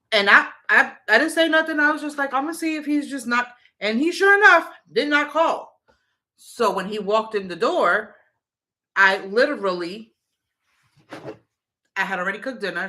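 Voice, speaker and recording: A woman chatting casually with her husband, telling a story in an animated way and laughing often. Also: on the low side. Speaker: guest, co-host wife. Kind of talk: casual chat.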